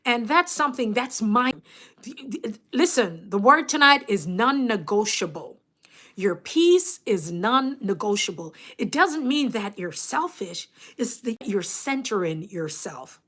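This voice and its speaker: A woman with a Jamaican accent hosts a casual livestream, talking in a fairly high voice. She is chatty and animated, laughs often and greets viewers by name as they drop in. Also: a little slow. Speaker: YouTube coach and livestream host.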